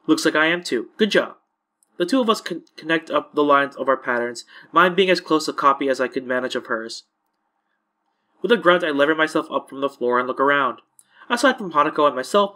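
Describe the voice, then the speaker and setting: A man's voice: fairly high pitch, pushed and bright. A man hosting a let's-play, reading a visual novel aloud casually and correcting his own stumbles.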